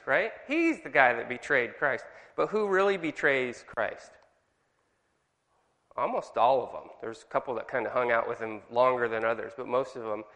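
A man's voice: mid-range voice, pushed and bright, long reverb tail. A man with a Californian accent leading a church Bible study group, chatty and firing questions at the group.

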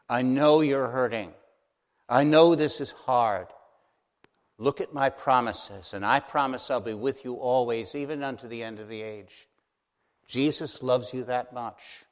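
A man preaching a sermon as a pastor, earnest and gentle, slowing down to stress key phrases. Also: medium pitch. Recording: long hall reverb.

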